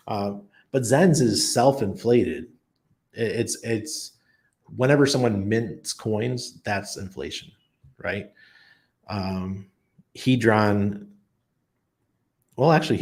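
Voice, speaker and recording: A man with a lowish, gravelly voice hosts a relaxed livestream. He reads out viewer comments one after another and answers each one off the cuff, chatting loosely and thinking aloud as he goes. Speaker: crypto livestream host. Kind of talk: casual live chat, reading viewer comments. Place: home in Panama.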